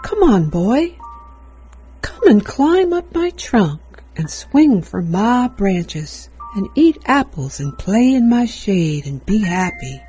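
A woman reading a storybook, voicing a gentle, giving female apple tree in a tender, coaxing way. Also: mid-range voice, sing-song, slow, faint music behind.

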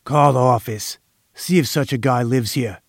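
A man's voice: medium pitch, moderate pace, vocal fry, dry recording, clean studio sound. A man voicing a brutal male gang boss who bullies and roars in an audiobook. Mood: menacing. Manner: roaring, menacing, bullying. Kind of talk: audiobook character voice.

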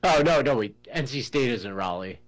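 A man's voice: medium pitch, expressive, a little fast, low-quality recording. A man hosting a casual sports chat, thinking aloud with many "you know" fillers and restarts. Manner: rambling, heavy use of "you know" fillers.

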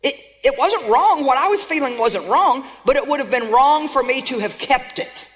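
An older woman delivers an emphatic, animated sermon to a congregation, urging her listeners on. Her voice rings out with a long reverberant tail from a large hall. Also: high-pitched, moderate pace. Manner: emphatic, animated, rallying the audience. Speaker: TV preacher.

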